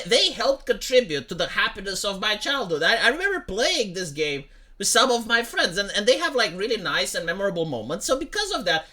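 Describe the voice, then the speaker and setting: A young male commentary streamer rants heatedly and profanely in a high, sharp voice. He keeps repeating "like" and "right?"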